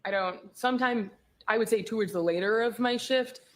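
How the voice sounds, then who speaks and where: A woman's voice: a little high, fairly quick, rough recording. A female police officer testifying on the stand, giving guarded, short answers. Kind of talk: courtroom testimony.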